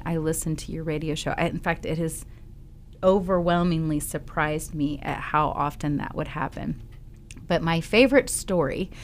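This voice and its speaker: Chatty woman radio host, lowish voice. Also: a little hiss or hum. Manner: chatty storyteller, frequent ums. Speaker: Christian radio show host. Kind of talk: casual faith talk on radio. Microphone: studio microphone.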